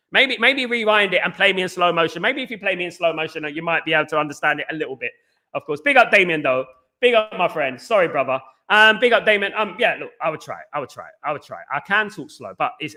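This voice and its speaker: Fast-talking fan stream host. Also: male voice, high voice, pushed and bright. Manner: very fast-talking, reads out viewer comments. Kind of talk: casual live stream chat.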